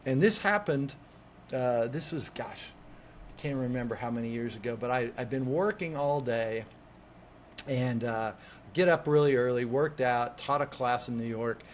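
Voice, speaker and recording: A man, a coach and podcast guest, telling a personal story in an animated way, acting out what people said and restarting words as he goes. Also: medium pitch, moderate pace, a little hiss or hum. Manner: lively, acts out quoted voices, restarts words.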